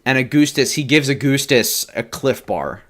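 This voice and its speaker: A man's voice: medium pitch, animated, a bit bright. A man co-hosting a podcast, chatting casually and joking as he riffs on ideas. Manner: jokey, acts out quick silly voices. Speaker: podcast co-host. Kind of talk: casual brainstorming chat.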